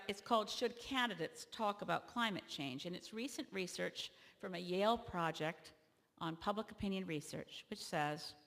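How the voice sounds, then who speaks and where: A woman from Canada, a party leader, giving an animated convention keynote speech that rises to loud emphatic peaks. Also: on the low side. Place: large convention hall. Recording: long reverb of a large hall.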